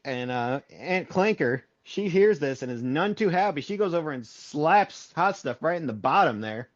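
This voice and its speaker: A man's voice: mid-range voice, sing-song, unhurried. A man co-hosting a casual comic book review podcast, laughing often as he retells the story. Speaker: podcast co-host. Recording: dull, lo-fi, dry sound.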